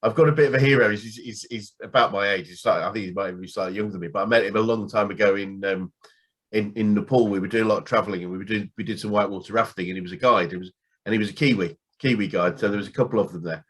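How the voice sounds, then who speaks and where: A man's voice: lowish voice, very fast, a bit bright, breathy edge. A man interviewing a business guest in casual chat, hesitant with many restarts and fillers.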